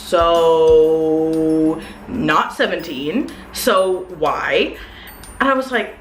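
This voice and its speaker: A young woman vlogger telling a dating story to camera in a blunt, profane, animated way. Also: medium pitch, a little slow. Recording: roomy echo, faint music.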